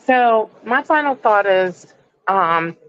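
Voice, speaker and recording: A woman joins a fan stream by call and makes her point firmly. She talks slowly with a fairly high voice. The line sounds dull, lo-fi and dry. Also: animated, fairly bright tone, clear, resonant tone, no room sound. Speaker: caller. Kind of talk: casual chat. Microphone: video call.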